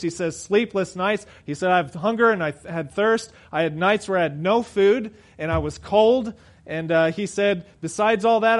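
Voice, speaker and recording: Guy preaching a sermon, kinda high-ish voice, earnest, goes slow n quiet on the big lines. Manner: earnest preaching, drops soft and slow on key phrases. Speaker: pastor.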